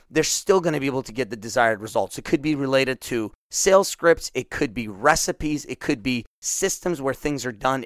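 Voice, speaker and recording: A man hosting a solo business podcast, talking straight to his listeners in an energetic, motivational way. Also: medium pitch, no room sound. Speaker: podcast host.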